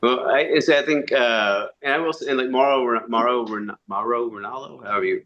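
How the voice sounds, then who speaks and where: A man, a commentator and comedian, telling stories fast in a casual interview, with quick voiced asides. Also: mid-range voice, lo-fi sound. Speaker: wrestling commentator and comedian guest.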